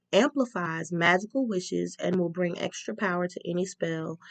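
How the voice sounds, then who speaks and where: A woman's voice: lowish voice, vocal fry, no room sound. A woman giving a casual tarot reading, chatty and reading spell instructions aloud with frequent ums. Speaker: tarot reader.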